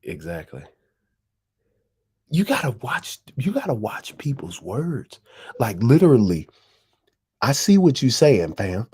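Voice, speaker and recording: Male host, casual chat, lively up-and-down delivery, cursing freely, lots of laughing. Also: a little high, unhurried, long pauses, breathy edge. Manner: animated, profane, bursting into laughter. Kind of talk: casual chat with a rapped verse.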